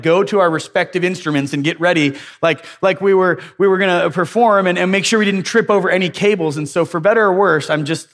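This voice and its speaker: A man's voice: on the high side, fairly bright tone. Chatty man preaching a laid-back sermon. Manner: rambling, self-deprecating, many restarts. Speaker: pastor. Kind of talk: casual sermon storytelling.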